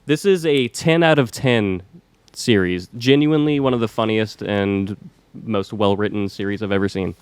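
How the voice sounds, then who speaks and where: A young man co-hosting a podcast, chatting in a laid-back way that rambles with lots of fillers. His voice sits a little low and sounds smooth and clear. The mic is dry and close. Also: moderate pace, no echo. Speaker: podcast co-host. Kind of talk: casual chat.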